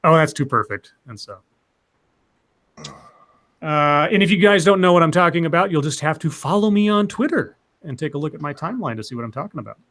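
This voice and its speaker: A man's voice: a little high, expressive, brisk, a bit bright. A man hosting a casual live-streamed chat show, rambling and hesitant with lots of fillers. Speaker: podcast host.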